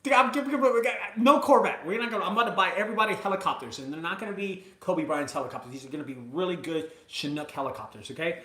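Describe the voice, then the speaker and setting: A man hosting a live video from his mother's house, chatting casually and excitedly to viewers, rambling between hype and emotion. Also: sits high, quick pace, few pauses, roomy sound. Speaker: junk removal business owner hosting a live video.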